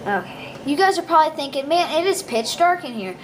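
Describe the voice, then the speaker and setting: A high-pitched woman chatting her way through a block-building game, rambling and goofy with lots of ums. A faint hum of noise sits under her voice. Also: animated, brisk. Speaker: gameplay video maker. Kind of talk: casual gameplay commentary.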